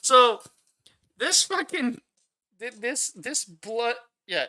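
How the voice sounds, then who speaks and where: A man's voice: very high-pitched, big pitch swings, very slow, bright, forceful tone. A man streaming a game and chatting casually, laid-back, laughing and swearing as he reacts. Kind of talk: casual gaming reaction chat.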